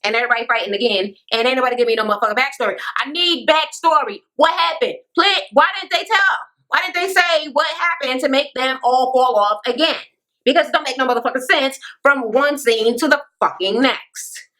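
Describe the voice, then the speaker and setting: Bright, profane woman ranting a TV recap. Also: sits high, brisk, low-quality recording. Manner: blunt, sassy and heavily profane; sarcastic asides to the viewer. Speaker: reality TV recap vlogger.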